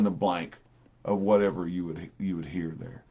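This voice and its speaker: A man's voice: lowish voice, normal speed, darkish tone. A man preaching a sermon with folksy storytelling and plenty of fillers.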